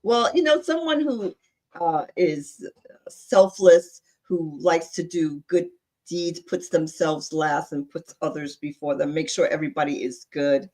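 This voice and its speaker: Lively, chatty woman podcast co-host. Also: sits low, a little slow. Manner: chatty, explaining, laughs easily. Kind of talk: casual chat.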